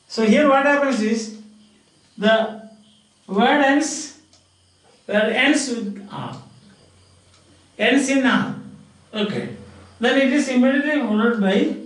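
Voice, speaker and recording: A man teaches a class, drilling example words one by one at an unhurried pace. His voice sits fairly high. It reaches the mic from a distance, with the strong echo of a bare classroom. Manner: slow, repetitive, drilling example words aloud. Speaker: English phonetics teacher. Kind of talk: classroom lecture.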